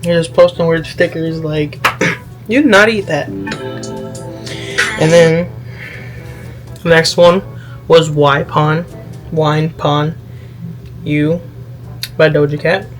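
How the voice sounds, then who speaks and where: A sassy young man vlogging and reading comments aloud, his voice sitting a bit high and leaping into squeals when he gets excited. Faint music plays softly underneath him. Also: slow pace, long pauses, poor audio. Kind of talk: casual chat reading comments.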